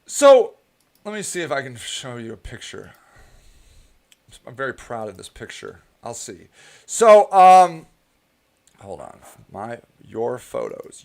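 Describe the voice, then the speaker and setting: A man hosting his own show, giving heated, profane political commentary that often breaks into shouting. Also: medium pitch, vocal fry. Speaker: show host.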